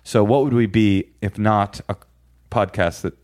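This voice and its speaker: A man's voice: fairly low pitch, steady tone, measured pace, darkish tone, no room sound, studio quality. A man in his forties co-hosting a podcast, chatting casually and joking, rambling with many fillers and restarts. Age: 40s. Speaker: podcast co-host. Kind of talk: casual chat.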